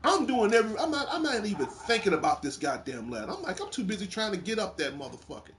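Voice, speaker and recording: Talking fast in a high-pitched voice, a man hosts a relaxed gaming show and tells wrestling game stories. He's animated, laughs plenty and swears freely.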